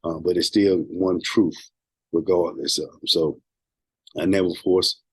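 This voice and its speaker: A man hosting a podcast, talking casually and hesitantly with many pauses. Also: sits low, steady tone, husky, no room sound. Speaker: podcast host. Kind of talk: casual talk.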